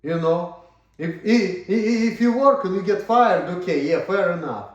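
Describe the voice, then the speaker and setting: Profane ranting man, high voice, roomy echo. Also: animated, moderate pace, highs cut off. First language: Russian. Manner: blunt, profane, repetitive, keeps asking "you see?". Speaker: vlogger. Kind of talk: ranting vlog monologue.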